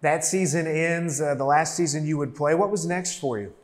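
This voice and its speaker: Slightly high-voiced male interviewer. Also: normal speed. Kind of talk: interview questions.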